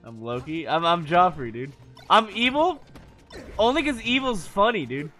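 A man's voice: high voice, big pitch swings, moderate pace, sharp tone, soft background music. A man streaming live in casual chat, profane and teasing, laughing often between lines.

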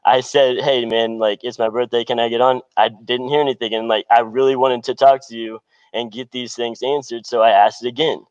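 A man calling in to a Q&A show, talking earnestly and hesitantly with many pauses and restarts. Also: mid-range voice, steady tone, darkish tone, clean tone, dry recording, highs cut off. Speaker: caller on a Q&A show.

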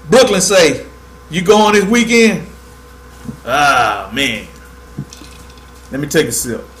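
A man's voice: high voice, a bit bright, roomy sound, low-quality recording. A man hosting a fishing livestream, talking in a laid-back, drawling way and dropping "man" into nearly every sentence. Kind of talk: casual livestream tutorial.

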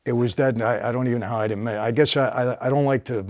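A man tells a gripping story from his own life in easy conversation. His voice sits at a middle pitch and often sinks low and quiet as the tension builds. The recording is close and dry, in a studio setting. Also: steady tone, fast, dry recording. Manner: vivid storytelling, drops to a low quiet voice for tense moments. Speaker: host telling a personal story.

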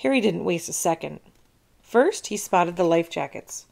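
A woman reading a children's chapter book aloud in an expressive, animated way. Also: fairly low pitch, normal speed, gravelly. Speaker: storybook reader. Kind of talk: children's read-aloud narration.

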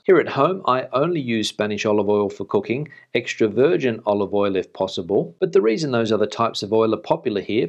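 A man's voice: on the low side, gravelly, muffled recording. A man hosting a news update channel, reading and answering viewer comments in a frank, conversational way. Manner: frank, conversational, blunt when challenged.

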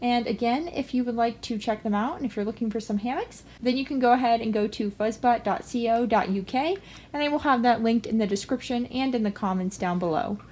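A woman's voice: fairly high pitch, fairly quick, a little mellow, a little hiss or hum. A woman hosting a pet channel, chatting casually through a product review with frequent filler sounds.

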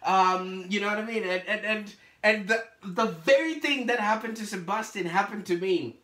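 A man's voice: high-pitched, normal speed. Laughing man in an echoey room. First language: not English. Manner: laughs often, animated retelling. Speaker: podcast host. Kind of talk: casual conversation on a video call.

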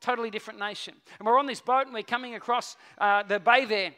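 A man preaching a sermon in a high, bright voice. He tells stories, climbing to loud, urgent peaks and then dropping into low, quiet stretches. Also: fairly even intonation, quick pace, clean tone. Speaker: pastor.

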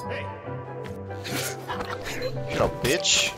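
A man's voice: mid-range voice, expressive, moderate pace, over music. A young man giving casual, profane commentary while playing a video game, reacting aloud to everything on screen. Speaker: gaming streamer.

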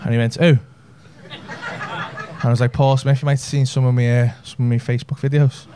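A man's voice: mid-range voice, flat delivery, brisk, noisy background. A man, telling a brash, sweary story in a stand-up set. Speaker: stand-up comedian. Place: comedy club stage with audience laughter.

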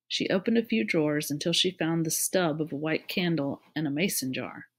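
A woman reading a children's novel aloud, narrating in a clear, steady storytelling manner. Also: deep voice, normal speed, few pauses. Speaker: reader.

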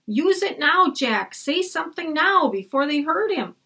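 A woman voicing an excited young girl in a storybook, high and urgent. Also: exaggerated voice. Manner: quick, urgent, higher than her narration.

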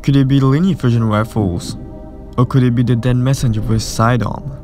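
A young man giving excitable, swearing, trash-talking commentary over his own gameplay. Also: medium pitch, fairly quick. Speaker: gaming video creator. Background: game music.

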